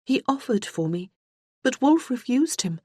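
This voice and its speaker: A woman's voice: high voice, very animated, measured pace, darkish tone, husky, voice pushed up, full character voice. Woman doing an earnest eighteen-year-old girl.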